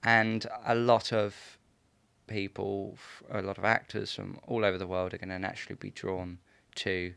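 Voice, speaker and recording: An actor being interviewed on live radio in a studio, talking in a measured, explanatory way with frequent ums. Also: male voice, low voice, flat delivery, vocal fry, a bit bright, clear, resonant tone, dry recording. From Britain. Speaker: actor guest.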